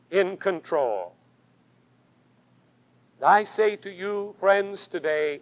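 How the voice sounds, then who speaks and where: High-voiced fervent preacher man, lo-fi. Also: expressive, slow pace, long pauses, dry recording. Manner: fervent preaching with emphatic swells and hushed drops. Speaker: pastor. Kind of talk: sermon. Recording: dull lo-fi sermon recording.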